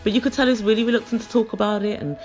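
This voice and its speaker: A woman's voice: a little high, steady tone, rapid-fire, a little mellow, soft background music. A woman giving a comedic, sarcastic recap of a reality show. She is dramatic and emphatic and refers to herself in the third person. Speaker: YouTube reality-TV reviewer.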